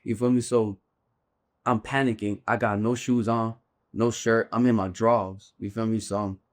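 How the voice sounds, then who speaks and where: With a low-leaning voice and flat delivery at normal speed, this bare-knuckle fighter tells a painful personal story on a podcast. His retelling is earnest and urgent, and he keeps asking his listener "you feel me."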